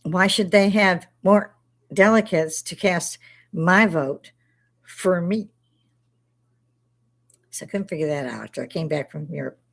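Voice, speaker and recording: A woman's voice: fairly low pitch, measured pace, creaky, long pauses. An older woman hosting a casual live stream chat, rambling and outspoken, swearing freely as she talks.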